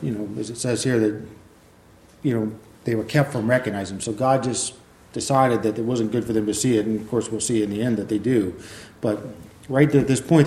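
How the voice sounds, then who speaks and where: A man preaching a sermon in a relaxed, conversational way, with many fillers, who reads passages of scripture aloud. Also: fairly low pitch, a little hiss or hum. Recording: echoey room.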